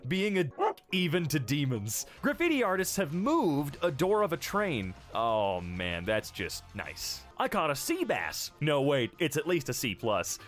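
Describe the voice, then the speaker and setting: A man with a fairly high voice that swings widely up and down hosts a video, reading online posts aloud and cutting in with wry jokes. Soft music plays faintly underneath. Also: wildly swooping pitch, a little slow. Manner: wry, joking asides. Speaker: host.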